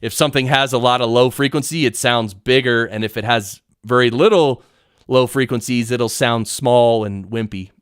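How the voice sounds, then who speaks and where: A man teaching podcast audio production on a live stream, rambling and excitable, often interrupting himself, speaking into a studio mic in a home studio. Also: medium pitch, normal speed, clean tone, no room sound. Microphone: studio mic through audio recorder.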